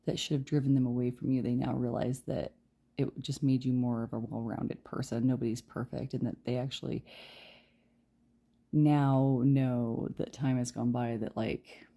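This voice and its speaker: A woman giving a casual pick-a-card tarot reading, chatty and rambling, trailing off with fillers and soft laughs, sometimes talking quietly. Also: very deep voice, little pitch movement, moderate pace, vocal fry. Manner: speaks softly and quietly at times. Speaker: tarot reader.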